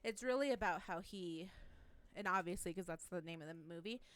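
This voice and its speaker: Fairly quick and lowish-voiced, a young adult woman co-hosts a relaxed chat, laughing and swearing her way through animated stories. The co-hosts are gathered in a room watching TV.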